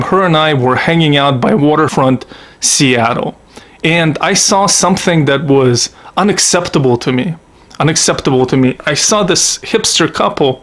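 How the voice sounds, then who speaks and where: A man's voice: fairly high pitch, fairly bright tone. A man from Russia telling stories from his own life in a blunt, profane, rambling vlog monologue. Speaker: vlogger. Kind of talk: casual storytelling monologue.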